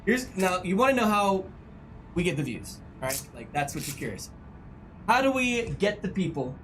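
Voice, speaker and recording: A man's voice: high-pitched, very animated, normal speed, fairly bright tone, slight background noise, rough recording. A male game streamer chatting casually and joking with his live chat. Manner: joking, playful banter with chat.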